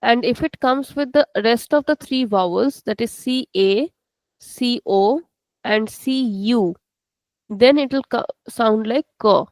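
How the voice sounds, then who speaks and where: Speaking at a slow pace in a slightly high, darkish voice, a native Hindi-speaking woman with an Indian accent teaches a language class by video call. She checks in patiently with her students, and the recording is dry and of low quality.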